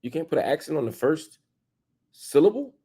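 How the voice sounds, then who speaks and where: A man's voice: very animated, moderate pace, mellow, slightly rough. A man hosting an opinion commentary show, arguing emphatically with rhetorical questions and casual slang. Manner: emphatic, rhetorical questions, pitch jumps for stress.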